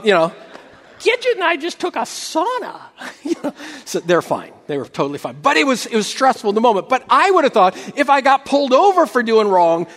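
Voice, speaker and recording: Guy pastor preaching, high voice that jumps all over, lots of restarts, big echoey hall. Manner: storytelling with animated quoted voices and many restarts. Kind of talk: sermon.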